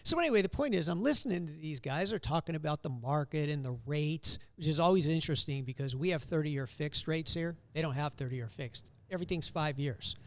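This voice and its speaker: Gravelly older man telling stories. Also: fairly high pitch, fairly quick, hardly any pauses, dry recording. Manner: joking, upbeat storyteller. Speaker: guest loan officer. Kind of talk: casual podcast storytelling.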